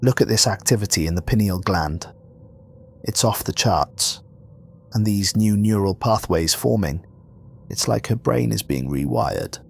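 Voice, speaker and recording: Guy doing a scared doctor in a creepy story, slow careful talk, lowish voice. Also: vocal fry, husky, heavily acted. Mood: alarmed. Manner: fearful, measured. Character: frightened male medical officer.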